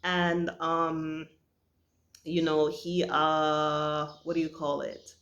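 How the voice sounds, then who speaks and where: Slow-spoken, earnest woman from Jamaica. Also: low voice, little pitch movement, fairly bright tone, muffled recording. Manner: earnest, halting, with many pauses and fillers. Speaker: vlogger. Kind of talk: reflective personal storytelling.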